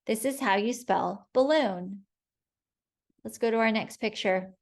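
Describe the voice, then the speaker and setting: Woman teacher, phonics lesson; deliberately slow, patient, clear sounding-out of words. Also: a little high.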